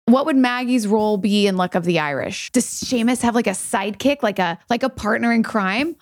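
Woman, bubbly, gushing, casual podcast chat, raised pitch. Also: expressive, moderate pace. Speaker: podcast co-host.

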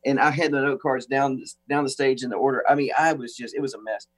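A man from the United States, a guest on a talk show, telling an animated story with acted-out quotes and frequent restarts. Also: medium pitch, quick pace. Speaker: guest musician.

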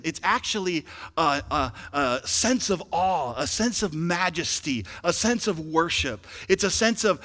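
A man preaching a sermon as pastor, animated and joking, swinging from quiet asides to shouted exhortation. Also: a little high, unhurried, in a large hall. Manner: joking, playful.

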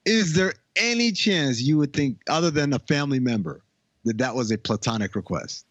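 A man hosting a podcast, asking lively hypothetical questions in casual chat. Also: mid-range voice, normal speed, dry recording. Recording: dry, muffled podcast audio.

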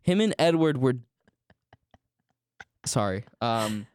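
A woman's voice: a bass voice, lively intonation, slow pace, darkish tone, dry recording, clean studio sound. A young adult woman co-hosting a comedy podcast, joking and rambling in casual chat. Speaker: podcast co-host.

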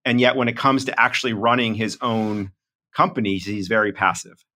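A middle-aged man talking through a podcast discussion in a measured, analytical way, with many fillers. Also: on the low side, steady tone, pushed and bright. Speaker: reporter and podcast co-host.

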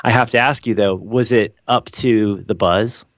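A man's voice: on the low side, fairly even intonation, normal speed, no room sound, studio quality. An American man in casual conversation, asking rambling questions and stumbling over his words. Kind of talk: casual chat.

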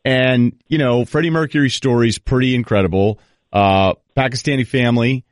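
A man's voice: medium pitch, moderate pace, no room sound, studio quality. A man hosting a talk show, chatting loosely and joking with his guest. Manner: easygoing, joking, trails off and restarts. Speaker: host. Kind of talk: casual chat.

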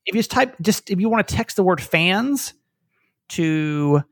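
A man's voice: high voice, animated, measured pace, no echo, clean studio sound. A man hosting a podcast, talking with a light Southern American accent in a rambling, self-interrupting way, often chuckling. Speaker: podcast host. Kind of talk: casual podcast chat.

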